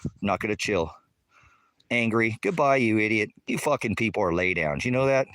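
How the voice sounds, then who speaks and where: A man livestreams a walking tour of his rural property on a handheld phone, ranting combatively at viewer comments and swearing constantly. His voice is on the low side, animated and a bit bright, at normal speed.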